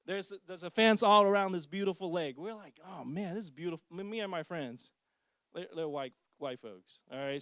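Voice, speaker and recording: Here a forties-aged father shares a relaxed personal account of parenting, full of jokes and self-deprecating humor. His voice is slightly high, fairly bright and clean. The sound is clean studio audio without any room sound.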